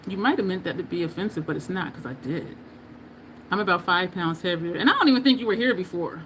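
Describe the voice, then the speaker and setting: A woman's voice: fairly low pitch, lively intonation, fast, fairly bright tone, slight background noise. A woman from New Jersey with a New Jersey and New York accent, chatting casually with viewers while doing her makeup on a livestream and laughing often.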